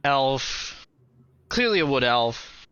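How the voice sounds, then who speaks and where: A man's voice: mid-range voice, very animated, slow, pushed and bright, clear, resonant tone, no echo, highs cut off. A man narrating a tabletop game as game master, rambling with lots of fillers.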